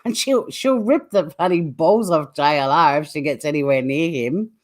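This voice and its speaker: Woman, lowish voice, blunt and opinionated, swears a lot, rambling livestream chat. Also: moderate pace, a little mellow. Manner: rambling, reacts to live chat. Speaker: true crime channel host. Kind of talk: casual livestream commentary.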